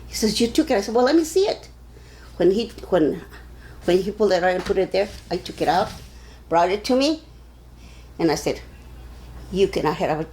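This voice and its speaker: An older woman from Arizona being interviewed, telling stories in a casual, animated way and acting out the voices of the people in them. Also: fairly low pitch, a little hiss or hum, poor audio. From Arizona, USA. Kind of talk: casual storytelling.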